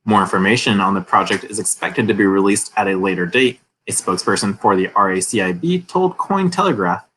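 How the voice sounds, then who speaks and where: A man's voice: lowish voice, animated, brisk, fairly bright tone, a little hiss or hum, poor audio. A man hosting a crypto news channel, reading articles aloud and breaking off for chatty asides and laughs. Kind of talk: casual news reading and commentary.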